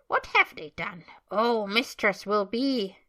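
A woman's voice: medium pitch, slow pace, pushed and bright. A woman voicing a wheezing, muttering old male house elf servant in a storybook reading. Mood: muttering indignant.

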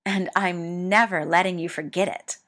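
A woman voicing a calm, soft-spoken man. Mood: tender. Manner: soft, low and measured. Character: composed older man, calm and quietly intense.

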